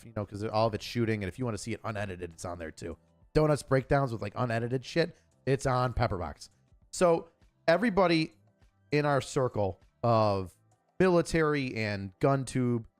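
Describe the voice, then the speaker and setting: A man hosting his own live stream, talking casually in a loud, crude, joking and rambling way. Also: mid-range voice. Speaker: channel host.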